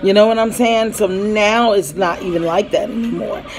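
A woman's voice: mid-range voice, moderate pace, slight background noise, poor audio. Chatty mother telling a long story. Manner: rambling, acts out quoted dialogue, breaks off to call to her kids. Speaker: mother vlogging about family life. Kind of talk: casual storytelling vlog. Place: at home with children around.

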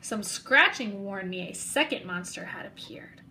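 Bright, animated woman reading a picture book. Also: mid-range voice, unhurried, slight background noise, rough recording. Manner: expressive, voicing a young boy narrator. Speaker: storybook reader.

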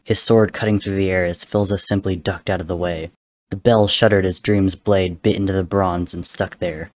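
Deep-voiced man reading a story aloud. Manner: steady, grave storytelling narration. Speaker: reader. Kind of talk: dramatic reading of fan fiction.

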